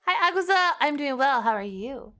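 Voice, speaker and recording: Playful high-voiced woman streamer. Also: animated, normal speed, bright, forceful tone. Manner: playful, chatty, greets viewers, jumps into squealing highs. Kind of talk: casual livestream chat.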